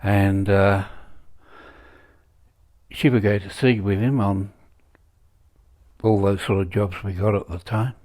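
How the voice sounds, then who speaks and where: A man in his seventies giving a rambling casual monologue, halting and full of fillers, with dry wry humor. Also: on the low side, fairly even intonation, darkish tone. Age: 70s. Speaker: vlogger.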